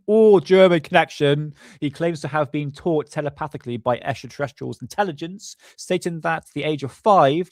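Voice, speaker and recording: A man's voice: mid-range voice, darkish tone, no room sound. Male streamer, mid-range voice, rambling chatty delivery with chuckles, dry close sound. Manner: rambling, chuckling, stumbles over words. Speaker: livestream host. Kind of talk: casual live-stream commentary.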